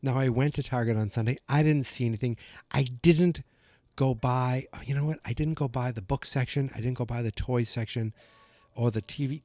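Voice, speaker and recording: A man with an American accent hosting a podcast in a calm, rambling casual chat, often correcting himself. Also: mid-range voice, normal speed, no echo. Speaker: podcast host.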